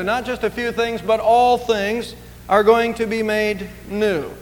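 High-voiced preacher in a reverberant church. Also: male voice, fairly even intonation, measured pace. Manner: earnest, emphatic preaching with repetitions. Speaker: pastor. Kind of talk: sermon. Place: church sanctuary.

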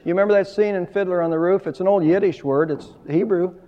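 A man preaching a sermon, his voice high and mellow, swelling emphatically and then dropping low. The sound is dull and lo-fi, with a long reverb trailing through the church hall. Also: fast talker. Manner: emphatic preaching, rising and falling in volume. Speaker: pastor.

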